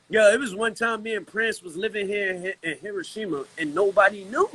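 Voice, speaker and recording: Brooklyn dude on a hip hop chat, high bright voice, kinda husky, keeps restarting lines. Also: male voice, brisk, hardly any pauses, low-quality recording. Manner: animated, slangy, many restarts. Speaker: guest. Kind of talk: casual hip-hop conversation.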